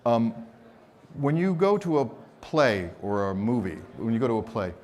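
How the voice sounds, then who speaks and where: A man's voice: medium pitch, normal speed. A man giving a live photography seminar on a conference stage, telling stories with humor and acting out quotes. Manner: expressive storyteller, acts out quotes, teasing humor. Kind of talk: animated live seminar talk.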